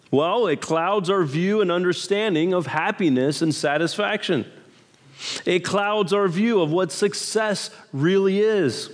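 Slow, emphatic preaching man in a hall. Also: high voice. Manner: emphatic, measured preaching with rhetorical questions. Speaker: pastor. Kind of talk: sermon.

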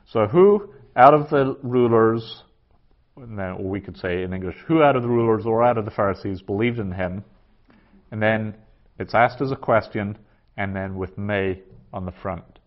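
A man teaching a class, working through a translation aloud in a halting way with many fillers. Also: on the low side. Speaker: Greek teacher. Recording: dull lo-fi classroom recording.

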